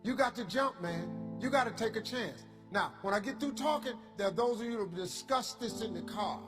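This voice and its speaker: A man's voice: sits high, animated, a little fast. A man giving a fervent, colloquial motivational speech in a preacher's cadence. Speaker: motivational speaker. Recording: reverberant hall with background music.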